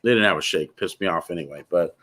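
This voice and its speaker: A man's voice: low voice, fast, bright, forceful tone. A man hosting a casual talk show, speaking bluntly and ranting, often calling the listener "dude.". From California. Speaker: podcast host.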